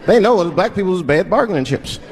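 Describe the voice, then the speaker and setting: A man performing a stand-up comedy set on a live stage, telling stories in an animated way and slipping in and out of voices. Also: high-pitched, fairly quick. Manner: animated storytelling, swinging between voices. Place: live stage before an audience. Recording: live stage with crowd noise. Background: audience laughter.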